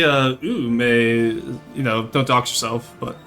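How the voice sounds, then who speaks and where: A man's voice: medium pitch, fairly even intonation, a little slow, pushed and bright, soft background music. A young man from Ontario, chatting casually on a live stream, reading chat and switching between English and French with frequent laughs. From Ontario, Canada.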